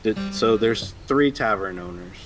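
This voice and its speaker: A man running a tabletop game as game master, narrating in a halting way full of restarts. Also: on the low side.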